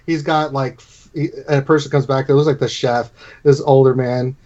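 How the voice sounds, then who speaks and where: A man's voice: medium pitch, steady tone, moderate pace, a little mellow. A man narrating as game master of a tabletop game, casual and chuckling. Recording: dull lo-fi recording.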